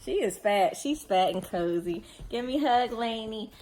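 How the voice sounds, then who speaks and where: A woman's voice: a little high, expressive, normal speed, a little mellow, a little hiss or hum. A woman vlogging casually at home, playful and laughing often as she baby-talks to her dogs. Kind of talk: casual vlog chat.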